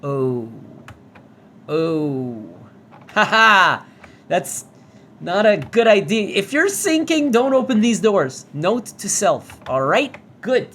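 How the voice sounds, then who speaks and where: A man's voice: sits high, big pitch swings, a little slow, a little hiss or hum. A man giving casual first-impressions commentary as a gamer on a VR demo, rambling, restarting and swearing.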